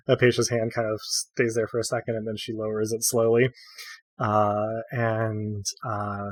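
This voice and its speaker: A man narrating a tabletop role-playing game as game master, in a relaxed way with many fillers. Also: lowish voice, unhurried, dry recording.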